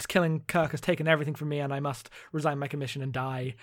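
A man voicing a distraught, formal male alien officer in halting, stammering speech. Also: a little high, steady tone, no room sound, clean studio sound, close to an everyday voice.

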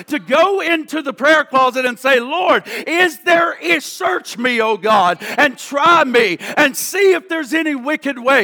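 A man preaching a sermon as pastor, moving between impassioned calls and hushed prayer. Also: very high-pitched, vocal fry. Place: church sanctuary.

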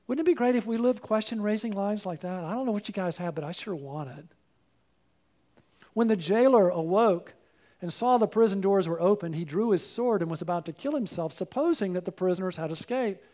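A middle-aged man, a pastor, preaching a sermon that swings from hushed to loud. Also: high-pitched, animated, moderate pace.

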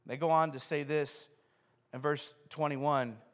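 Male pastor, sermon, lively storyteller acting out scenes, long church-hall reverb. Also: a little high, unhurried. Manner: animated storyteller who acts out scenes.

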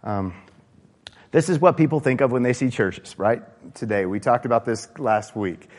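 Preacher in a reverberant hall. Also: male voice, mid-range voice, moderate pace. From American South. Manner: informal, asks the congregation questions, frequent fillers and restarts. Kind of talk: conversational sermon. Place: church sanctuary. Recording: long reverb of a church hall.

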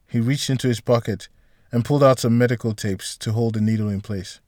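A man narrating a novel chapter in a steady storytelling voice. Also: medium pitch, brisk, no room sound, clean studio sound. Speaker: audiobook narrator. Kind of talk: scripted narration.

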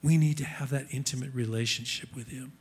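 A man's voice: medium pitch, fairly even intonation, brisk, breathy edge. A man preaching a sermon to a congregation in an earnest, rising and falling delivery. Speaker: messianic congregation teacher. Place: congregation hall with screen.

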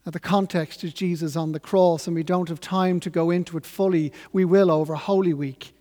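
A man delivers a sermon, earnest and reflective, moving at a measured pace. His voice sits high for a man. Each phrase rings on in a long, church-like reverb. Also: steady tone, dark tone. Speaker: preacher.

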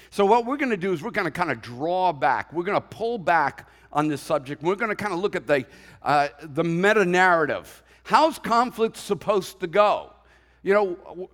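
A man's voice: high voice, fairly bright tone. A man preaching a sermon as pastor, conversational and joking, acting out quotes as he goes. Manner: conversational preaching with humorous asides and acted quotes. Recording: long hall reverb.

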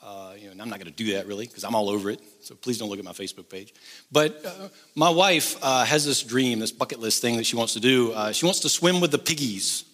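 A man's voice: mid-range voice, fast, fairly bright tone, big-room sound. A middle-aged man preaching a sermon, switching between earnest appeals and joking asides. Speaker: pastor.

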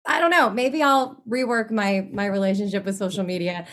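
A woman's voice: mid-range voice, steady tone, moderate pace, fairly bright tone. A woman being interviewed in a casual chat. She rambles, trails off mid-thought and laughs often. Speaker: interview guest.

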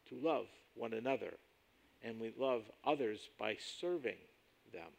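A pastor preaching with a gravelly, creaky edge to his voice. He is emphatic and climbs sharply in pitch on key points. He slows right down when he reads scripture aloud. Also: darkish tone. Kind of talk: sermon.

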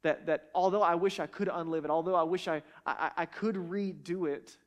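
A man plays a rough fisherman apostle, now humbled and full of remorse, speaking low and softly. The voice sits a little lower than his usual higher tenor, and the confession comes out gentle and heavy. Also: fairly even intonation, normal speed, natural voice. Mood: regretful. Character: remorseful middle-aged male fisherman apostle.

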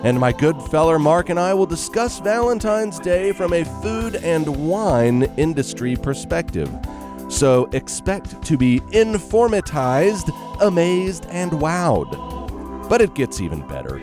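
A man's voice: fairly high pitch, sing-song, measured pace, music in the background. A man hosting a comic wine radio show with playful, hammy announcer delivery.

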